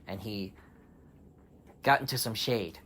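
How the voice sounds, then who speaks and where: A man telling an improvised bedtime story to children, playful and animated, with sound effects and laughter. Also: on the low side, slow pace, a little hiss or hum.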